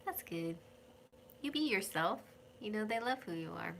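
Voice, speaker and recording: Streaming live from home, a middle-aged tarot reader gives a rambling, chatty reading, singing names and talking to her cat. Her mid-range voice is gravelly and expressive at a moderate pace, amid very heavy noise.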